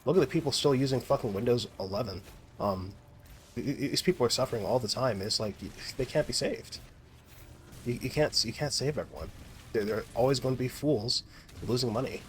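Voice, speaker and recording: A man's voice: mid-range voice, fairly quick, a little hiss or hum. A young man rambling and swearing through commentary while playing a game. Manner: profane, rambling, many restarts. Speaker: gaming streamer. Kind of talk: rambling commentary over gameplay.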